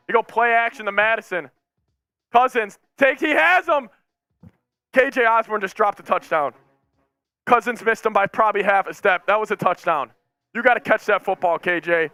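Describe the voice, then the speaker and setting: Male fan streamer, very high, bright and hyped, rambling play-by-play over faint music. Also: moderate pace, clear, resonant tone, no room sound. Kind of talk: live fan reaction stream.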